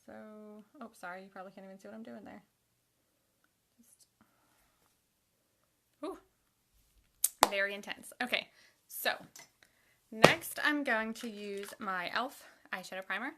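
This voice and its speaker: A woman's voice: mid-range voice, measured pace, long pauses, heavy background noise. A young woman chatting casually to herself while doing her makeup for a vlog, sometimes dropping to a half-whisper. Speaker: makeup vlogger.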